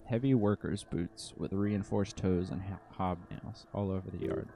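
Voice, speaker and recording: A man's voice: low voice, fairly even intonation, normal speed, creaky, hardly any pauses, dark tone, slight background noise. A man playing a detective game, reading its text aloud and muttering casual asides. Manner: casual, mutters asides between read lines. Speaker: let's play narrator.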